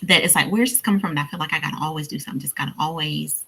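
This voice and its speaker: A woman's voice: deep voice, very fast, sharp tone, husky. A woman hosting a live online talk, reflecting casually with many fillers and restarts. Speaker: host.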